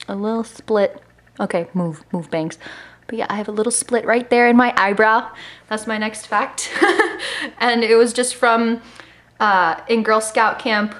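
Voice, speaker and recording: A woman's voice: on the high side, fairly bright tone. A woman in her early twenties from Miami, with a slight Miami accent, talking to a camera at home in a sassy, joking, casual way. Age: early 20s. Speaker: vlogger. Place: home in California. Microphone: camera mic.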